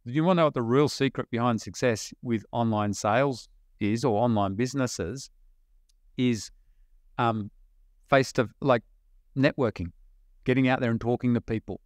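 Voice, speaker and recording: A middle-aged Australian man, a podcast guest, telling business stories in an animated, storytelling way with quick bursts and laughs. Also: mid-range voice, dry recording, clean studio sound. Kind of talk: storytelling interview talk.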